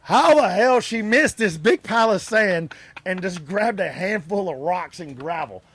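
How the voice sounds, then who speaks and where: A man's voice: high-pitched, lively intonation, unhurried, fairly bright tone, no room sound. A middle-aged man, telling stories as an interview guest, often laughing and acting out other people's lines. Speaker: interview guest, wrestler and actor. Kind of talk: casual anecdotal storytelling. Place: outdoor music festival grounds.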